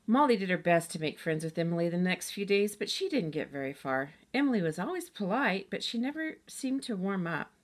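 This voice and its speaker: A woman reading a children's chapter book aloud in a steady, gentle storytelling manner. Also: fairly low pitch, fairly quick, few pauses. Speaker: storybook reader.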